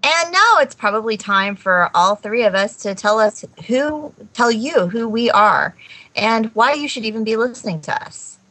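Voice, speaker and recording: A woman's voice: on the high side, lively intonation, moderate pace, bright, forceful tone, low-quality recording. A woman co-hosting a podcast in casual chat, wry and teasing. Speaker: podcast co-host.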